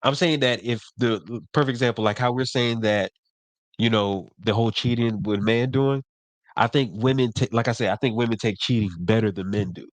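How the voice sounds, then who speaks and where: A man's voice: mid-range voice, moderate pace, no room sound. A young man with a mid-range voice tells stories animatedly in a casual podcast chat, putting on the voices of the people in them. The sound is dry and close. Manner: animated storyteller, acts out quoted voices. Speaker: podcast co-host.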